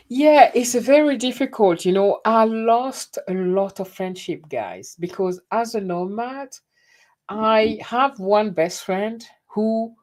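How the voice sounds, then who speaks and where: A woman's voice: mid-range voice, a little mellow. A woman from France with a French accent, hosting a casual livestream, greeting viewers by name and often restarting her sentences. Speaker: livestream host. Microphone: webcam livestream setup.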